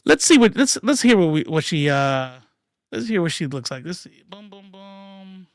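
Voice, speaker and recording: A livestream commentator giving casual political commentary, profane and rambling, swinging between loud outbursts and mumbled asides. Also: mid-range voice, big pitch swings, normal speed, dry recording, studio quality.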